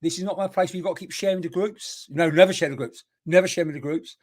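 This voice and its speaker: A man hosts a live online mediumship evening from home, chatting and exclaiming as he relays messages from spirits. His voice sits a little high for a man and swings up and down with his excitement, and he breaks off now and then to greet viewers. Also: fast talker.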